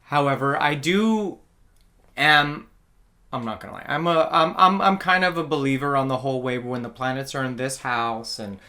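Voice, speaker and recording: A man talking casually as an astrologer guest on a podcast. He is jokey and animated, swinging from loud bursts to hushed asides. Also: mid-range voice, moderate pace.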